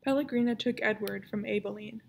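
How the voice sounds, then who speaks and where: A woman librarian reading a children's novel aloud with clear, expressive storytelling. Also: medium pitch, fairly quick, a little hiss or hum.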